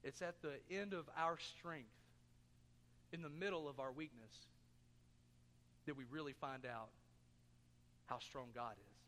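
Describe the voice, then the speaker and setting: A man's voice: mid-range voice, unhurried, pauses often, a bit bright, in a large hall. A man preaching a sermon as pastor, earnest, asking his congregation questions and throwing in jokes. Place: church sanctuary.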